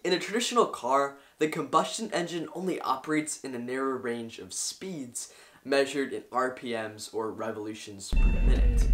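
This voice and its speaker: A man's voice: mid-range voice, wildly swooping pitch, moderate pace, background noise. A young man hosting a science video, explaining in an eager, enthusiastic way. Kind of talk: educational explainer.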